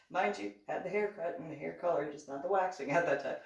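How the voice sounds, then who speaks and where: A woman tells a rambling personal story in a casual, animated way. She often laughs and acts out both sides of the dialogue. Her voice sits a little low and sounds roomy, as if the mic is some distance away. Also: fast talker, vocal fry. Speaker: reverend reading and commenting on her diving memoir.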